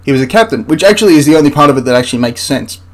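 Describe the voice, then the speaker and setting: A man's voice: fairly high pitch, animated, very fast. A man hosting a history channel, ranting through a film critique in an exasperated, rambling way with frequent restarts.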